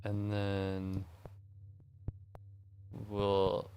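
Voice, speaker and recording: A man's voice: lowish voice, completely flat delivery, extremely slow, mellow. A tired young man streaming while he plays a game, chatting casually in a rambling, self-mocking way and swearing freely. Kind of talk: casual chat while gaming.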